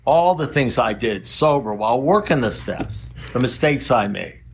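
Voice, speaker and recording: A man's voice: medium pitch, expressive, moderate pace, gravelly, breathy edge. An older man speaking at a recovery meeting, telling rambling stories in a wry, blunt manner.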